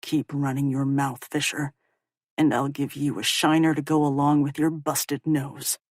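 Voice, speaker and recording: A woman voicing a protective young male college athlete, dropping her voice low to speak in gruff, terse lines. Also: flat delivery, a little slow, darkish tone, dry recording, clean studio sound. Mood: threatening.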